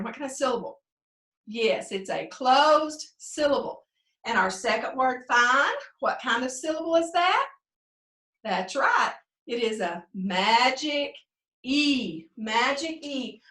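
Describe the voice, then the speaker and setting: A woman teaching first grade phonics, prompting young pupils and slowly sounding out words in a sing-song way. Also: high voice, a bit bright. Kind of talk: remote phonics lesson for young children. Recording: echoey room, mic at a distance.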